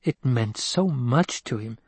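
A man's voice: mid-range voice, expressive, fast talker, a little mellow, breathy edge, dry recording. A man voicing a defiant noblewoman. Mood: pleading. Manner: defiant, at times pleading. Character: proud noblewoman, defiant but pleading. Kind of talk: audiobook character reading.

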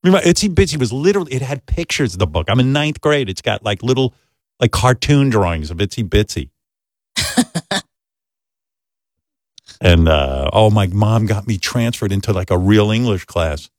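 A man's voice: fairly low pitch, lively intonation, moderate pace, pauses often, no echo, clean studio sound. A man hosting a talk show, telling a profane, self-deprecating story in a casual way. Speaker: radio show host.

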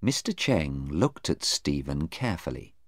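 A man reading a story aloud as narrator, slowly and clearly. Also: no echo, clean studio sound. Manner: slow, careful reading with lively pitch. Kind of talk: scripted narration of a graded reader.

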